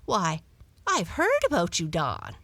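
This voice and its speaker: A woman's voice: on the low side, huge pitch swings, slow, fairly bright tone, dry recording, full character voice. A woman voicing a small, timid female cat who is tired and hungry, speaking in a pleading, earnest way. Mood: eager.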